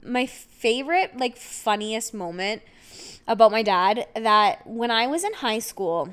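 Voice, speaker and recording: A woman's voice: a little high, lively intonation, a little slow, fairly bright tone, clear, resonant tone. A woman hosting a podcast, telling a personal story in a rambling, casual way with lots of fillers and laughter. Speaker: podcast host.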